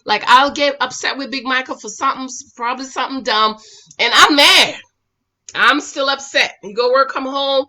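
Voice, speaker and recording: Woman reviewer, bright and a touch high, sassy recap talk that swings from loud scolding to quiet asides. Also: moderate pace. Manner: sassy, scolds the people on screen; animated, switches between loud and quiet asides. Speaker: reality TV reviewer. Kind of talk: casual recap commentary.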